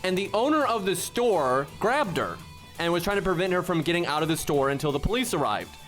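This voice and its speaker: Man, live-stream rant, high-pitched, swears, constant "right?" tags. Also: animated, a little fast, fairly bright tone, faint music behind. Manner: ranting, keeps tagging "right?", swears freely. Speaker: game streamer.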